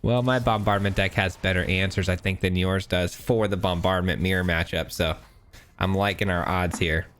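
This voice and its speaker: Stuffy-nosed man, low voice. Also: steady tone, moderate pace, fairly bright tone, faint music behind. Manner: casual, chatty, thinking aloud. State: stuffy nose. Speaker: gaming channel host. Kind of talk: gameplay commentary.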